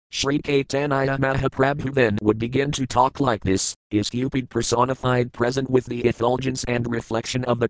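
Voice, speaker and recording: A man reading scripture aloud in a measured way, saying each foreign term and then its English meaning. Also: mid-range voice, no room sound, low-quality recording. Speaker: scripture reader.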